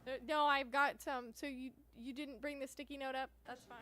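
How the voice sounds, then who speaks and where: High-voiced woman chairing a board meeting. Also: flat delivery, bright, forceful tone. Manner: polite, brisk, procedural.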